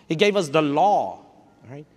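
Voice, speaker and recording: Pastor, male, high-pitched, emphatic sermon delivery with Spanish phrases mixed in, recorded with long church-hall reverb. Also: expressive, a little slow, a little mellow. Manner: emphatic, repetitive preaching that mixes in Spanish phrases; direct, exhorting, with playful asides. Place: church sanctuary.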